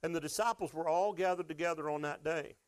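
A man preaching to his church in a lively storytelling way, often turning to ask the congregation questions. His speaking voice sits fairly high for a man. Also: fast. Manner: animated storytelling preacher, addresses the congregation directly. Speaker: pastor. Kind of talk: sermon.

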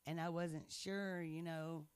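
A man's voice: fairly high pitch, little pitch movement, takes it slowly, smooth, dry recording. A man sharing his faith testimony in casual chat, earnest and playful, laughing often.

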